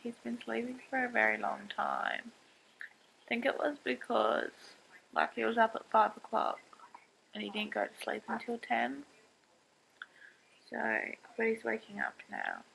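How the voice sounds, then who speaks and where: Slow-talking young mum with a gravelly voice. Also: female voice, a little high, level tone, fairly bright tone, slight background noise, low-quality recording. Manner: chatty, talks to her baby in a sing-song voice. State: tearful. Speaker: vlogger and new mother. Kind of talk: casual vlog chat. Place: at home.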